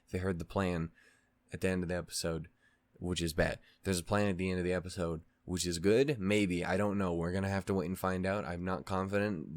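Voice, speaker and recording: Man, very low voice, casual rambling recap, fillers and swearing, dry close sound. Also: no room sound. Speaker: reaction channel host.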